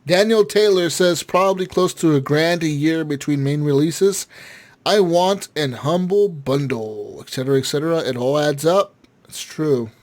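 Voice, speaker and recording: A man hosts a casual gaming podcast, reading listener comments aloud and reacting with loud laughter and constant swearing. His voice sits a little high. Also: moderate pace.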